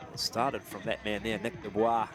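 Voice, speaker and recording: Energetic male rugby play-by-play caller. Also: lowish voice, normal speed, over music, a crowd in the background. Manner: energetic, rising to shouts on big plays. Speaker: play-by-play commentator. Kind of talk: live rugby commentary.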